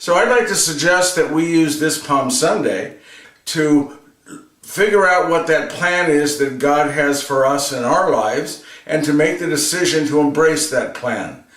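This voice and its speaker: A man delivers an earnest homily with a slightly high voice, leaning on repeated phrases to drive his points home. The sound is very echoey, as though he stands some way from the mic in a reverberant room. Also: a little slow, a bit bright, far from the mic. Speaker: religious reflection presenter.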